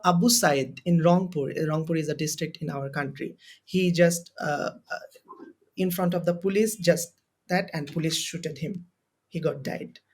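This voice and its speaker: A man's voice: on the high side, darkish tone. A young man with a Bangladeshi accent and Bengali as his first language talks as a guest on a podcast interview. He is a university student and speaks with raw emotion. He stresses his points by saying them again and again. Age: young adult. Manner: impassioned, emotional, repeats phrases for emphasis.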